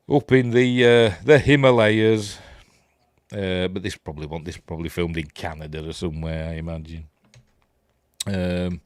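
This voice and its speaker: A man with a Yorkshire accent talks through a film in casual commentary, his voice sitting fairly low. He rambles along, full of fillers and unsure asides, and the recording is dry and close with no room sound. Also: no room sound. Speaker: host.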